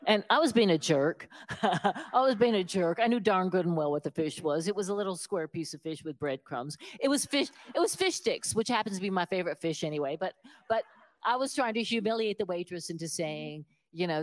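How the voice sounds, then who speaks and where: A low-pitched, middle-aged woman with a Southern Appalachian lilt, talking as an interview guest. She tells stories in an animated, self-deprecating way, stopping and restarting her sentences often, and laughs at herself now and then. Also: a little fast. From West Virginia, United States. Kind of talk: casual storytelling interview.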